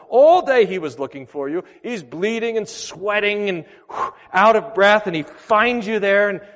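A pastor preaching a sermon, telling a story with big swings from loud to hushed. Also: male voice, on the high side, big-room sound.

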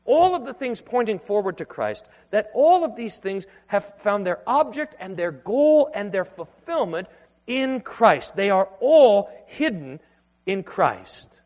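Man, pastor, sermon, high voice, emphatic delivery, long church reverb. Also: sing-song, a little mellow. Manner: earnest, emphatic preaching with pauses and restarts. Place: church sanctuary.

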